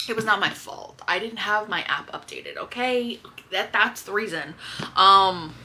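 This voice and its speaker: A woman's voice: mid-range voice, sharp tone, a little hiss or hum. A woman, chatting to camera in a casual book vlog, gushing and correcting herself as she goes. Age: late 20s. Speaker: book vlogger.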